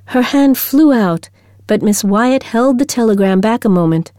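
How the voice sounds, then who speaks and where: A woman reading a story aloud in a gentle, measured storytelling manner. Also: fairly high pitch, expressive, no echo, clean studio sound. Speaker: narrator.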